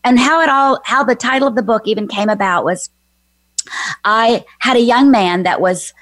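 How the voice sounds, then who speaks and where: A woman's voice: fairly high pitch, moderate pace, fairly bright tone, no echo. A woman guest on a faith talk show, earnestly telling a heartfelt personal story. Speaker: guest, author and former minister.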